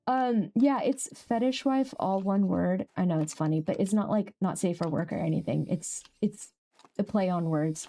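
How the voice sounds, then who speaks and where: A young woman streaming a game, chatting casually with viewers, laughing easily and jumping up high when something amuses her. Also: normal speed, mellow. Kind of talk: casual live-stream chat.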